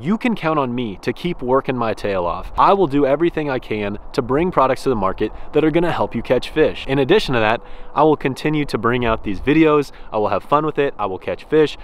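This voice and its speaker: A man hosting a fishing vlog, talking in an enthusiastic, excitable way outdoors by a snowy stream. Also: mid-range voice. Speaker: fishing channel host.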